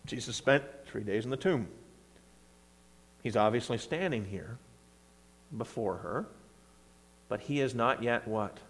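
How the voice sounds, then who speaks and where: Animated preacher in a reverberant church. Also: male voice, medium pitch, measured pace, long pauses. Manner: conversational, animated reading of scripture with bursts of emphasis. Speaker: pastor. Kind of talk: sermon. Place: church sanctuary.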